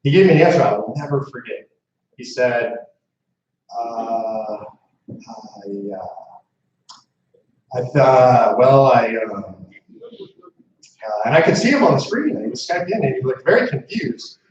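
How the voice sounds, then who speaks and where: A man's voice: medium pitch, expressive, unhurried, long pauses, darkish tone, distant mic, a little hiss or hum. A man giving a storytelling speech to a live audience as founder of a movement, speaking conversationally with asides to the crowd. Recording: echoey room mic heard from afar, muffled.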